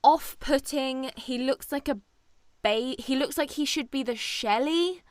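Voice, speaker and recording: A woman co-hosting a podcast, chatting casually about a film, animated and laughing often. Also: high-pitched, measured pace, no room sound, clean studio sound. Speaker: podcast co-host. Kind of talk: casual film review chat.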